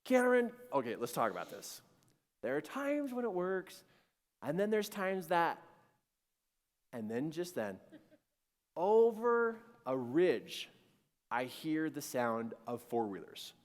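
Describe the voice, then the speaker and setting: Animated man telling a story in a hall. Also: on the high side, takes it slowly, pauses often. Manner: animated storyteller, acting out voices. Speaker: speaker. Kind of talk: storytelling sermon to a live audience. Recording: long-reverb hall.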